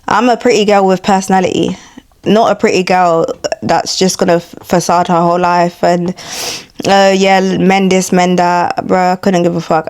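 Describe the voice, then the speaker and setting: A young woman from East London with an East London accent, ranting casually to her viewers in a tired, laid-back but blunt and sweary way, now and then mimicking others in a high mocking voice. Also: darkish tone. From East London, England. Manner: blunt, sweary and confrontational, addressing viewers directly. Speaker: content creator. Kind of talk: casual vlog rant.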